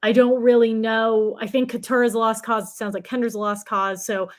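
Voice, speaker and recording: Female podcast co-host from the Boston area, chatty, slightly high pitch. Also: little pitch movement, fairly quick. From Boston area, USA. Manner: chatty, full of "like" fillers. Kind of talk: casual podcast chat.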